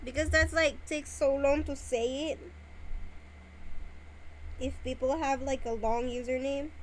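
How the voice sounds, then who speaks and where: A woman's voice: high-pitched, fairly even intonation, a little slow, a little hiss or hum. A young woman chatting casually on a live stream, often breaking into helpless fits of laughter.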